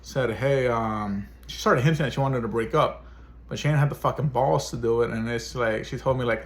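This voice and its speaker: Gravelly-voiced man ranting profanely. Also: mid-range voice, normal speed, slight background noise. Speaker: single dad vlogger. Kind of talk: venting personal vlog.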